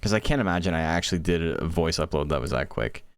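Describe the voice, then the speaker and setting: A man giving casual play-by-play commentary on a monster-raising game tournament, chatting quickly and answering questions from chat. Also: a bass voice, expressive, gravelly, no echo, clean studio sound.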